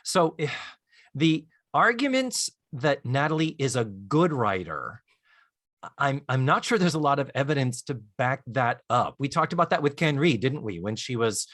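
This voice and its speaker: A man co-hosting a podcast in casual chat, animated and storytelling, acting out scenes as he goes. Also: mid-range voice, normal speed, dry recording, studio quality. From Florida, US. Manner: animated storyteller, acts out lines and hums tunes. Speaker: podcast co-host.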